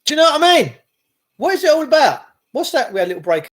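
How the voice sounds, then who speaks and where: Middle-aged man, high voice, rambling vlog monologue, impassioned, lots of restarts. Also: big pitch swings, fast talker, fairly bright tone. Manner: impassioned, repetitive, with frequent restarts.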